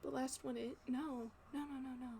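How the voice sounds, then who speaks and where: A woman playing in a tabletop role-play, lively and quick to laugh. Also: high voice, creaky, breathy edge. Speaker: player.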